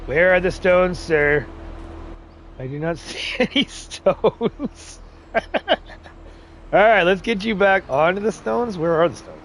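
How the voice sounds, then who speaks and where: A man's voice: on the high side, a bit bright, a little hiss or hum. Chatty man streaming a farming game. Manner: chatty, talks to viewers and in-game workers, laughs often. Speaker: livestream host. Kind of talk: casual live gameplay chat.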